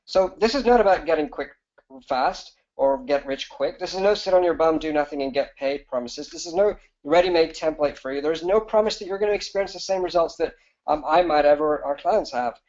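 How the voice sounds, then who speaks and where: A man giving a fast, enthusiastic sales pitch as a business coach on a live webinar, with fillers and restarts. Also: a little mellow, muffled recording.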